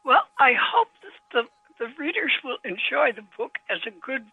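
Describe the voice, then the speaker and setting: A woman in her nineties, an author guest, telling anecdotes in a gentle, halting way with husky tone, heard over a phone line. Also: high-pitched, sing-song, no echo. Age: 90s. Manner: slow, gentle storytelling with halting restarts.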